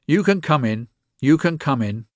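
A man's voice: on the high side, lively intonation, moderate pace, no echo, clean studio sound, pitched above the performer's own voice, natural voice. A man voicing a bent, greedy, cunning middle-aged woman with a wheezy voice in a storybook reading. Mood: wheedling. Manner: leering, wheedling.

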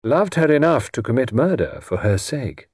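A man voicing a mysterious gentleman who speaks in a calm, measured, quietly knowing way. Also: medium pitch, husky, no room sound, clean studio sound, pitched above the performer's own voice.

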